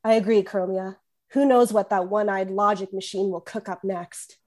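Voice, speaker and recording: A woman voicing a steady female robot squad leader, calm and reassuring. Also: mid-range voice, moderate pace, lightly acted.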